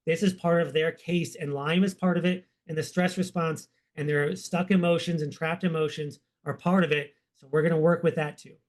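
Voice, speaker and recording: A man's voice: fairly high pitch, fairly even intonation, normal speed, hardly any pauses. A man, a guest practitioner on a podcast, explaining his approach in an emphatic, plain-spoken way. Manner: emphatic, plain-spoken, repeats key points. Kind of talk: conversational explaining.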